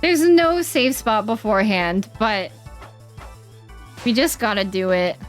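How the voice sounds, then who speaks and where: A woman's voice: medium pitch, very animated, slow. A woman streaming gameplay, reacting with dramatic yelps and groans of frustration. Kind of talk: live gameplay commentary. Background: faint game music.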